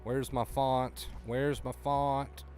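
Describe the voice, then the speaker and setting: Male streamer, casual chat with viewers, excitable and repetitive, mid pitch, faint music in background. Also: takes it slowly. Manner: excitable, talks to chat, repeats himself when flustered. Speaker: livestreamer.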